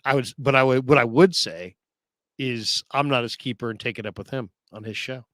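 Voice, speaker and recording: A man's voice: medium pitch, brisk, a bit bright, dry recording. A man hosting a casual sports talk show, reading viewer comments aloud and laughing often.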